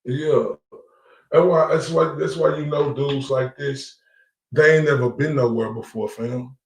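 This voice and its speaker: A man's voice: medium pitch, fairly even intonation, unhurried, creaky, distant mic. A man streaming live, ranting defiantly with profanity and repetition. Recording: echoey room, away from the mic.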